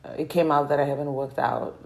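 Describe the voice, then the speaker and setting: A woman's voice: low voice, fairly even intonation, fast talker, vocal fry, a little mellow, rough recording. A young woman vlogging a casual, meandering life update, her throat sore and strained from talking. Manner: meandering, reflective, trailing off.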